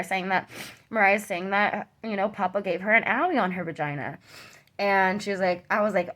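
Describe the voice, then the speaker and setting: A young woman, a mother, telling a personal story to camera in a halting way, full of ums and you-knows. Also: mid-range voice. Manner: soft and subdued, rising when tense.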